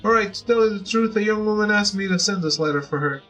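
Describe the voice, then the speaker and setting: A man reading out a fussy, luckless middle-aged father from a video game, who rambles and reaches for quaint exclamations. The voice sits high for a man. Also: fast talker, a bit bright, faint music behind, low-quality recording. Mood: flustered. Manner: old-fashioned exclamations, rambling. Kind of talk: reading game dialogue aloud.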